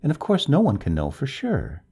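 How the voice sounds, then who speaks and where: A man voicing an anxious, gossipy middle-aged woman neighbor in a high falsetto, for a storybook reading. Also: huge pitch swings, normal speed, gravelly, warm tone, husky, heavily acted. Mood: worried.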